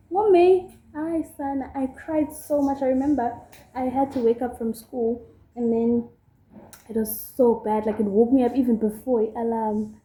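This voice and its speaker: A woman's voice: high-pitched, dark tone. A young woman with a South African accent tells a personal story in a chatty, rambling way while doing her makeup, with lots of fillers. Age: young adult. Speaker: vlogger. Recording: echoey room.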